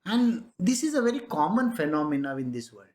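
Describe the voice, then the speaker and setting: A man's voice: fairly high pitch, big pitch swings, brisk. A man giving a conversational spiritual discourse as a teacher, often asking rhetorical questions and chuckling.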